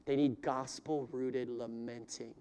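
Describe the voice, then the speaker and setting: A man preaching a sermon as pastor, addressing the congregation directly and voicing prayers in rising, pleading cries before dropping to quiet appeals. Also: mid-range voice, fairly even intonation, slow pace, slight background noise.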